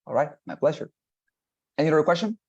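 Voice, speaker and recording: A man's voice: on the high side, lively intonation, quick pace, husky, highs cut off. A man teaching an online exam-prep class over a video call, explaining at length and checking in with the students. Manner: explanatory, repeats "nonetheless" and "right?".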